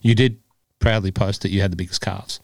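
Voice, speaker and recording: A man hosts a casual podcast with a low voice that sounds dry and close to the mic. He jokes, rambles and laughs easily with his co-hosts. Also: fairly even intonation, brisk, gravelly, dry recording. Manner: jokey, rambling, laughs often. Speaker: podcast host.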